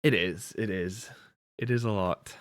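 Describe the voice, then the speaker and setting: A man's voice: on the low side, a little slow, no room sound, clean studio sound. A man streaming live and chatting casually with his viewers. He rambles, corrects himself and laughs often.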